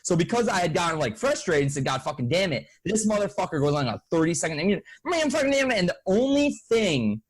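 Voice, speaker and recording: Profane young man telling animated stories. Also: on the high side, fast, few pauses, slightly rough. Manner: profane, animated, mimics people in voices. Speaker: podcast co-host. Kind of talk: casual storytelling chat.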